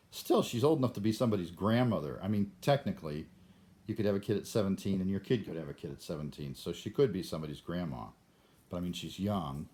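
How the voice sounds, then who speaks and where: An older man rambles through a solo vlog, breaking off and restarting his sentences. His voice sits on the low side. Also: mellow. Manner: rambling, self-interrupting, stammering restarts. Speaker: vlogger. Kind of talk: rambling monologue.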